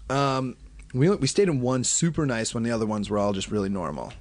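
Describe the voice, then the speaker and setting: A man's voice: mid-range voice, brisk, a little mellow, no echo. A young man, a stand-up comedian, telling loose rambling stories in casual podcast talk, full of fillers and swearing.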